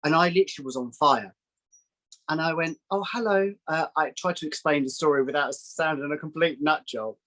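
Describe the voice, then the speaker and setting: A man, a psychic guest telling a story in casual chat, acting out quoted voices in a higher pitch. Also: steady tone, brisk, pushed and bright, poor audio. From England.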